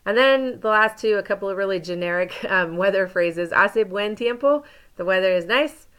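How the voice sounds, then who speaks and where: Woman teacher leading slow pronunciation drills. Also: medium pitch, fairly bright tone, clear, resonant tone. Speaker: Spanish teacher. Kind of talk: recorded classroom lesson.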